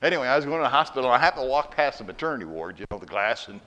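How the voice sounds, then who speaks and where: Animated male preacher, lively pitch. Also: racing. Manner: animated, swings from hushed to loud. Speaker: pastor. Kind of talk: sermon with a storytelling anecdote.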